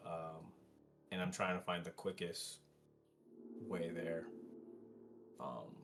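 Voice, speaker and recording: A man's voice: sits low, slow, a bit bright, faint music behind. A man playing a tabletop game, speaking hesitantly with many fillers. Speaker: player.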